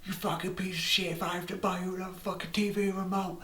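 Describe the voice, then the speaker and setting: A man's voice: sits high, flat delivery, fast talker, a bit bright, voice pushed up. A man doing a furious swearing mum. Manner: screaming threats, swearing nonstop. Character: furious foul-mouthed mother scolding her son. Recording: roomy room, distant mic.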